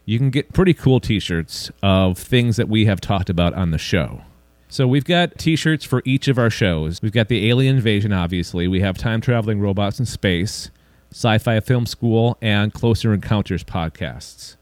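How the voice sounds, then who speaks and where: Relaxed man hosting a podcast, dry sound. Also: on the low side, moderate pace, no echo. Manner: relaxed, chatty, wraps up with plugs. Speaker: podcast host. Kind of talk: casual podcast chat.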